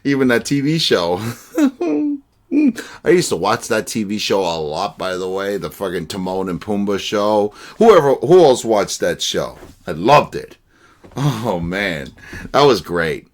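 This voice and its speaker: A man giving casual reaction commentary in a rambling, animated, profane way. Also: fairly low pitch, a little slow. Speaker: video reaction host.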